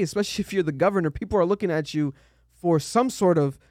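A man hosting a podcast, talking through the news casually, animated and swearing, jumping up high when he quotes people. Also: quick pace, no room sound, clean studio sound. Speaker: podcast host.

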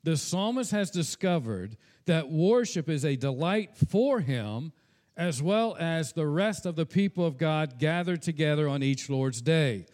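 A man's voice: fairly high pitch, expressive, measured pace, darkish tone. A pastor preaching a sermon in an earnest tone, slipping into casual asides and repeating words when he speaks off the cuff.

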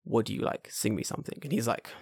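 A young man co-hosting a podcast, telling animated stories in casual chat, full of swearing and squeaky impressions of other people. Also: quick pace, vocal fry, slightly rough, no echo, clean studio sound. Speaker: podcast co-host.

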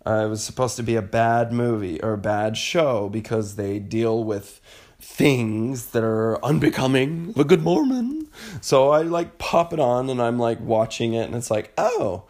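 A young man in a casual monologue, animated and rambling, with a lot of filler words. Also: medium pitch, normal speed. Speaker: vlogger.

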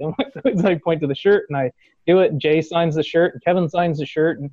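A man's voice: quick pace, no echo, highs cut off. A man hosting a podcast, telling a fan story in casual chat, acting out quotes, laughing and swearing. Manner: animated, acts out quotes with rising pitch, swears, laughs. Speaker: podcast host.

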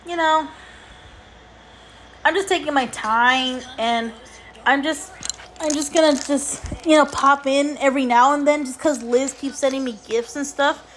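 A woman's voice: high voice, measured pace, a bit bright, a little hiss or hum. A woman hosting her own podcast, rambling casually about mobile games, cursing freely, with exasperated asides. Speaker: podcast host.

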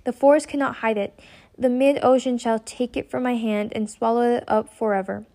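Woman reading troubled young mother, pleading, archaic speech, fairly high voice, storybook. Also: steady tone, moderate pace, warm tone, natural voice. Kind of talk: audiobook character reading.

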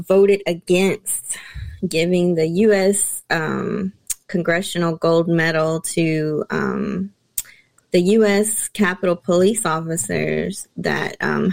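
Woman co-host, low gravelly voice, dry close sound, news-topic lead. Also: no room sound, low-quality recording. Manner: introduces topics, many ums. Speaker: podcast co-host. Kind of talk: casual chat.

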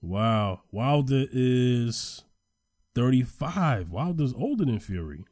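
Man, casual co-host, medium pitch, dry booth sound; swings from excited to muttering. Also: takes it slowly, no room sound. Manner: animated, voice jumps up when excited, trails off quietly when looking things up. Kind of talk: casual chat.

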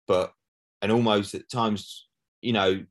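A man's voice: on the low side, fairly even intonation, takes it slowly. A middle-aged man, a former footballer, chatting casually as a guest and often asking "do you know what I mean". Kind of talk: casual interview chat.

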